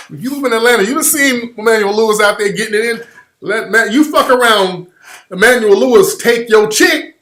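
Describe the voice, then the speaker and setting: A man telling profane comic stories in a loud, riffing podcast chat. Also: very high voice. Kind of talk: comedic storytelling on a podcast. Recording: roomy studio echo.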